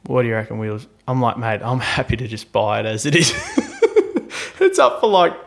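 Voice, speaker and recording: A young Australian podcast co-host with a mid-range voice and vocal fry speaks at a normal pace. In casual chat he tells a story animatedly, acting out what people said.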